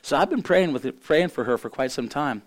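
A middle-aged man preaching a sermon as a pastor, hoarse from losing his voice, earnest and halting with frequent restarts. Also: medium pitch, animated.

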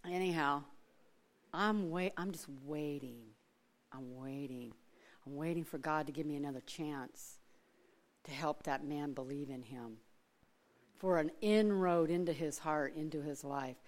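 A woman's voice: low voice, a little slow, long pauses. A middle-aged woman from Alaska giving a chatty sermon full of personal stories, laughing often and acting out other people's voices. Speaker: church speaker.

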